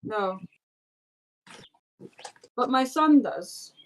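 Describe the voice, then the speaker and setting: A woman's voice: a little high, expressive, very slow, rough recording. A woman voicing an older elf woman who is a mother, speaking briefly and plainly. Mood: measured.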